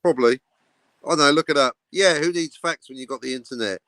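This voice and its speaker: A man with a notably high voice hosts a casual livestream chat, tossing off quick wisecracks. The sound is close and dry, with no room around it. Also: a bit bright, no room sound. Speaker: livestream host. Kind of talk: casual joking banter.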